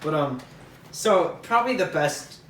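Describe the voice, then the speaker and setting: A man's voice: a little high, expressive, unhurried, fairly bright tone, a little hiss or hum. A young man from Texas hosting a casual podcast review, wry and talkative as he leads the chat. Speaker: podcast host. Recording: roomy, distant mic.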